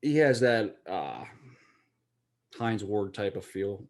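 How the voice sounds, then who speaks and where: A man, co-hosting a casual sports chat in an excitable, jokey, rambling way. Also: on the low side, slow. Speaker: podcast co-host.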